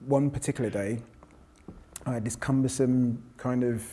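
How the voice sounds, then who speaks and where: Professor, reflective storyteller, mid-pitched, restarts a lot. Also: male voice, steady tone, moderate pace, warm tone. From South London. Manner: reflective, with frequent restarts and quoted voices. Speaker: professor and panel guest. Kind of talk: personal storytelling in conversation.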